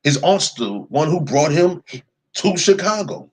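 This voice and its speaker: A young man with a slightly high, husky voice delivers a casual monologue full of swearing. He tells a story in an emphatic way, often checking in with "right?" and tossing in "yo". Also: very animated, measured pace, rough recording. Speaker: commentator.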